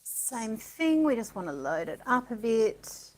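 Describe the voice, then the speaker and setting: A woman's voice: fairly high pitch, big pitch swings, measured pace, rough recording. A woman giving a casual art demonstration, chatting and thinking aloud as she works, with delighted little gasps. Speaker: art supplies presenter.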